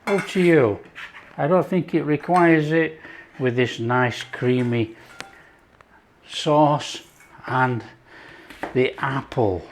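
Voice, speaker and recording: A man's voice: mid-range voice, takes it slowly, long pauses, slight background noise. A man hosting his own cooking show, chatting casually as he prepares a dish. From not France. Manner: chatty, relaxed, talks while working.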